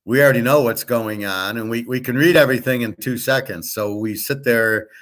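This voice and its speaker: A man's voice: medium pitch, brisk, fairly bright tone. A man hosting a show in a casual, rambling monologue, blunt and profane, often restarting his sentences. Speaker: show host.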